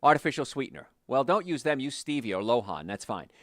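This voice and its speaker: In a quick-paced, dry, clean studio recording, a man who is a doctor hosts a health talk show. He speaks casually, tells animated stories about his patients, and lowers his voice to quote them.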